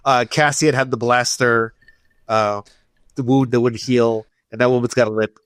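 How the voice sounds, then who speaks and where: A man co-hosting a podcast, chatting in a relaxed way and pausing often with fillers. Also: medium pitch, smooth, dry recording. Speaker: podcast co-host. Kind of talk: casual chat.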